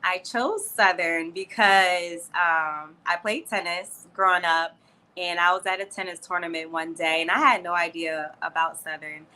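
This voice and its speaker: Brief: young woman guest, bright, crisp tone, friendly and chatty. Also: on the low side, fairly even intonation, a little slow. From New Jersey and Florida, United States. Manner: friendly, chatty, laughs easily. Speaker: guest, PR professional. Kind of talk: casual interview.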